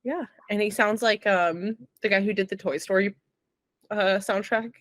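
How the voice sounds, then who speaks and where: A woman's voice: medium pitch, steady tone, normal speed, a bit bright, no room sound. A young adult woman co-hosting a podcast, chatting casually and rambling with lots of giggles and fillers. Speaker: podcast co-host. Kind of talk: casual chat.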